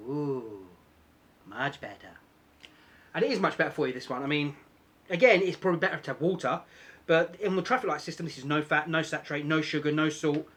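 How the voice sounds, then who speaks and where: A man's voice: a little high, fast talker, fairly bright tone. A man talking casually in a vlog, chatty and self-deprecating, repeating points for emphasis. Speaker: vlogger.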